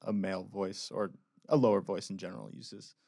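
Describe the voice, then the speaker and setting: A man's voice: sits low, steady tone, a little fast, creaky, darkish tone, breathy edge, no room sound, clean studio sound. A man co-hosting a radio show, chiming in casually with short, laid-back remarks. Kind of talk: casual interview chat.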